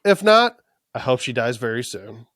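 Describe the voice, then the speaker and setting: A man's voice: mid-range voice, sing-song, normal speed, a bit bright, dry recording, clean studio sound. A man co-hosting a podcast in a casual recap chat, who laughs often, trails off with fillers and cracks blunt jokes. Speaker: podcast co-host.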